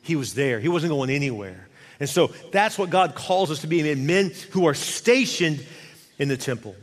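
A man preaches with fervent, repeating urgency as a pastor in a church. His voice sits high for a man. Long reverb trails each phrase around the large hall. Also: animated, normal speed. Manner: fervent, rising to shouting exhortation. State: winded at times. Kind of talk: sermon.

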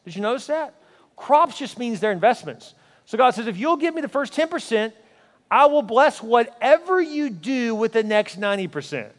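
A pastor preaches a sermon in a very high-pitched, very animated male voice at normal speed. He tells a story, then builds with emphatic, repeated rhetorical questions. The recording has hall reverb.

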